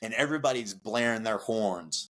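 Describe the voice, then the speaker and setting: Lively, profane male storyteller. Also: on the low side, normal speed. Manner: animated, profane, many "like" fillers, acts out shouts. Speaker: podcast guest. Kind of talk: casual storytelling.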